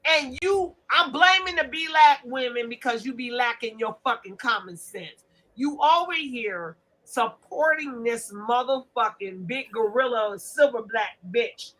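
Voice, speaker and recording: A woman's voice: fairly high pitch, unhurried, fairly bright tone. A woman ranting in a blunt, profane commentary, scolding her listeners and mocking the people she talks about. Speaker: commentary vlogger.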